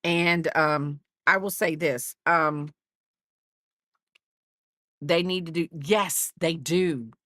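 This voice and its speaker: A woman's voice: low-pitched, very slow, long pauses, a bit bright, dry recording, studio quality. A middle-aged woman hosting a crochet livestream, chatting casually and teasing, often laughing. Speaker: livestream host. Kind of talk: casual chat while crocheting on stream.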